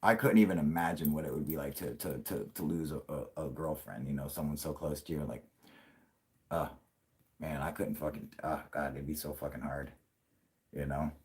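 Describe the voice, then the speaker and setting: Low husky guy on a late night stream, swears a lot, keeps laughing. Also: normal speed. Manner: profane, rambling, laughs often. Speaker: livestream host. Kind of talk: casual late-night livestream chat.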